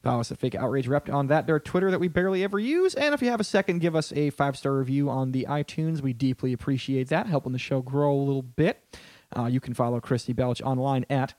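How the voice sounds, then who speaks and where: A man's voice: mid-range voice, fast, darkish tone, no echo. A man hosting a podcast in casual chat, with dry, joking remarks. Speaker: podcast host.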